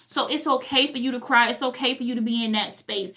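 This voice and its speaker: A woman's voice: high-pitched, fairly even intonation, fairly quick, few pauses, pushed and bright. A woman hosting a vlog, giving casual spiritual advice in a chatty way, repeating herself and often checking in with her viewers. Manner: familiar, addresses viewers as "honey" and "y'all". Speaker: vlog host.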